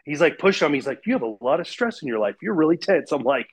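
A man in his forties recounts a personal story in a chatty, animated way, with a somewhat high voice. He tumbles through fillers and restarts and slips into the voices of the people he quotes. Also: fast, breathy edge. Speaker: guest. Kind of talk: casual storytelling interview.

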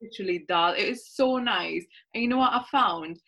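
A woman's voice: mid-range voice, normal speed, fairly bright tone. A woman, a podcast guest telling rambling, enthusiastic stories. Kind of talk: casual chat.

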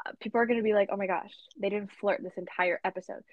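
A woman's voice: mid-range voice, steady tone, quick pace, muffled recording. A young woman guest in casual chat, gushing, emotional and playful as she talks about her friend. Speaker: podcast guest.

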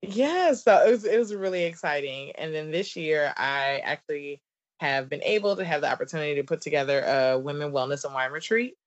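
Brisk and low-pitched, this Southern-accented woman in her thirties is a business coach guesting on a podcast. Her casual interview chat is bubbly and chatty, sprinkled with frequent laughter, likes and ums, all captured on dull, lo-fi remote audio.

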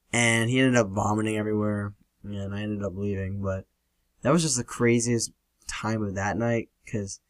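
A man's voice: on the low side, no echo. A young man hosting a podcast, telling rambling, profane stories in a laid-back solo chat. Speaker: podcast host. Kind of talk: casual solo storytelling.

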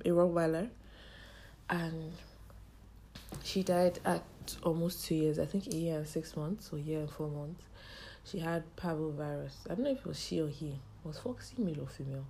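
Young female podcast host, choked up, halting delivery, warm low voice. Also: a little hiss or hum. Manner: tearful, halting storytelling. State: choked up, strained voice. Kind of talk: personal monologue.

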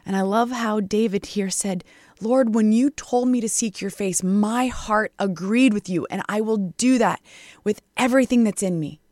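A middle-aged woman delivers a radio sermon from a studio microphone in a fervent, earnest voice. She slows down and sinks to a hush when she reads scripture aloud. The recording is dry and close, with her pitch sitting in a middle range. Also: dry recording. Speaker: radio show host and Bible teacher.

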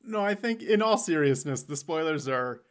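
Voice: medium pitch, animated, normal speed. A podcast co-host who chats casually, putting in short, dry questions and remarks. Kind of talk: casual chat.

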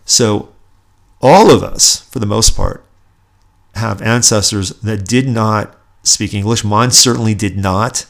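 Gravelly, indignant male podcast host. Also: lowish voice, slow pace. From Southern California, USA. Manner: indignant, sarcastic, emphatic with repeated restarts. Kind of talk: opinionated solo commentary.

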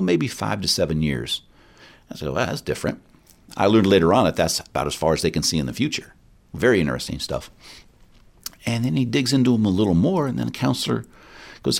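A middle-aged man, a retired highway patrol sergeant, telling a personal story candidly in an interview. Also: creaky. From United States. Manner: earnest, candid, quotes others in lively voices.

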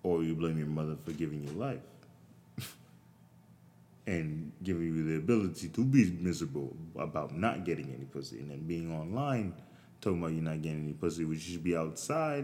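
Male host, very low voice, profane rambling comedic rant with incredulous squeaks, long reverb tail. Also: darkish tone. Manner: profane, rambling, jumps to shrill incredulous outbursts.

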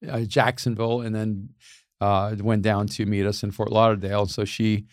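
A middle-aged man in a casual conversation, animated, laughing often and repeating words as he starts sentences. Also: fairly low pitch, normal speed, no echo, clean studio sound.

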